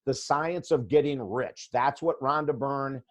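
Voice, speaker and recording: Man, sixties, animated storyteller, blunt and emphatic, mid-range voice. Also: mid-range voice, unhurried. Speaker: guest author and life coach. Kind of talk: storytelling in a podcast interview.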